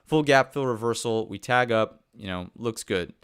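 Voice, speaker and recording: A man's voice: mid-range voice, moderate pace, a bit bright, smooth, no echo, clean studio sound. A man hosting a live pre-market trading stream, talking through charts in a conversational way and often checking in with "right?". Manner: conversational, thinks aloud with fillers and "right?". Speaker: market analyst host.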